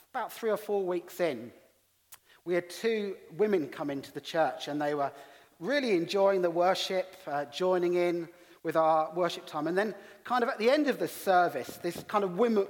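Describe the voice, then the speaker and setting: A middle-aged English man preaching as a pastor, telling stories with self-deprecating humour. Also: sits high. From England. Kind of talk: sermon. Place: church hall. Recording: long reverb of a church hall.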